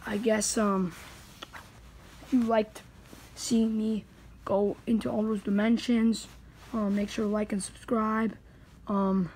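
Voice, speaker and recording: A woman's voice: medium pitch, a little hiss or hum, lightly acted. A woman playing a goofy, rambling teddy bear. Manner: rambling and goofy, with whoops and fillers. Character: excitable teddy bear hopping between dimensions. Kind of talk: homemade comic video narration.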